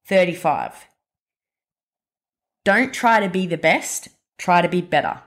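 A woman in her twenties with an Australian accent, hosting a casual solo podcast in a chatty, emphatic way, full of fillers and quick self-corrections. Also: on the low side, expressive. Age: 20s. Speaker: podcast host.

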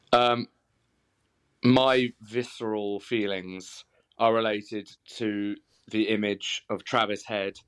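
A man's voice: fairly low pitch, a bit bright, clean tone. A man leaving a listener voice message, hesitant and disgusted as he rants.

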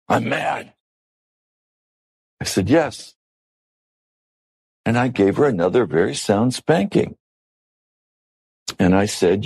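Male preacher, low voice, very slow and deliberate sermon delivery. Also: dark tone, low-quality recording. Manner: measured, deliberate storytelling. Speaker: pastor.

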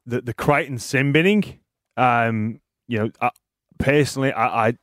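A man's voice: medium pitch, moderate pace, fairly bright tone, dry recording. A man with a mid-range voice co-hosts a sports radio show and starts his points hesitantly, stumbling before getting going. He sounds close and dry in the studio. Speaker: radio co-host. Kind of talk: casual radio chat.

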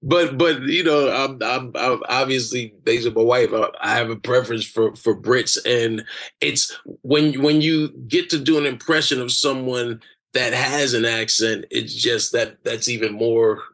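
A middle-aged man, an excitable interview guest who talks in quick restarts and slips into impressions of other voices. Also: medium pitch.

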